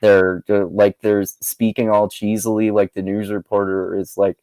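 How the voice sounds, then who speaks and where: A man hosting a casual movie chat, relaxed and chuckling, with many fillers. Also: lowish voice, unhurried, no room sound, low-quality recording. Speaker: podcast host.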